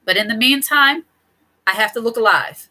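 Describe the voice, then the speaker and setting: A woman's voice: on the high side, moderate pace, bright, forceful tone, low-quality recording. A middle-aged woman hosting her own channel, giving casual advice straight to camera in a chatty, digressive way with frequent laughs. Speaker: channel host.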